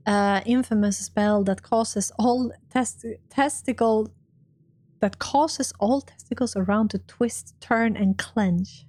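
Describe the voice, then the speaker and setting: A woman gaming streamer speaks slowly in a mid-range voice as she reads a role-playing game's text aloud and reacts. She's animated, and when things go wrong she swears and laughs.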